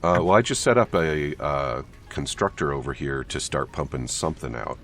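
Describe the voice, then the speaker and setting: A man co-playing on a livestream, relaxed and practical as he directs the building. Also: very deep voice, moderate pace, faint music behind. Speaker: guest co-player. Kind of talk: casual gaming livestream chat.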